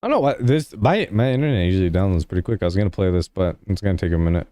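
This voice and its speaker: A young man on a livestream, chatting loosely with his viewers and padding his sentences with "like". His voice is smooth and resonant. The sound is close and dry, with no room around it. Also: low voice, expressive, rapid-fire, mellow, dry recording. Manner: rambling, heavy use of "like" fillers; laid-back, talks to chat. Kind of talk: casual livestream chat with viewers.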